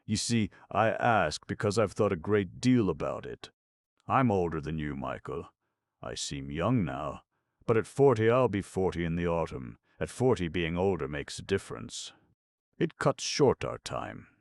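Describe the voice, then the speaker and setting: A man voicing a middle-aged woman torn by forbidden love, speaking tenderly with a raised pitch, in an audiobook. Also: sing-song, measured pace, vocal fry, no echo, clean studio sound, full character voice. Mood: earnest. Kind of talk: audiobook character voice.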